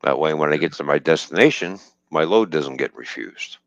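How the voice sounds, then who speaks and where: A man's voice: very deep voice, normal speed, no echo. A man telling a trucking story in casual, profane talk, laughing and quoting people as he goes. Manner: profane, laughing, animated retelling with quoted dialogue. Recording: dull lo-fi dry stream audio.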